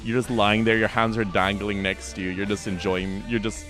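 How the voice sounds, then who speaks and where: A man's voice: lowish voice, level tone, moderate pace, a bit bright, soft background music. A man running a tabletop game as game master, describing scenes vividly and at length with plenty of fillers.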